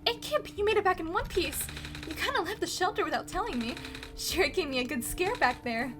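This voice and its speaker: A woman's voice: very high-pitched, lively intonation, brisk, pitched above the performer's own voice. A woman voicing a laid-back male character who talks like a surfer, drawling "dude" and "radical", with game music behind. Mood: cheerful.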